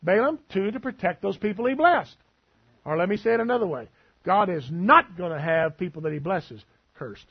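A man's voice: high voice, expressive, normal speed, slightly rough, highs cut off. A man preaching a sermon as pastor, folksy and full of asides and humor.

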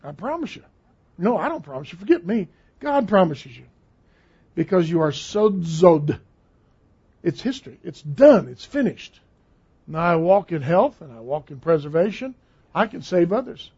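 A man's voice: high-pitched, sing-song, moderate pace, warm tone, breathy edge. An older man preaching a sermon with emphatic, repeated phrases. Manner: emphatic, repeating key words. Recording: dull lo-fi sound.

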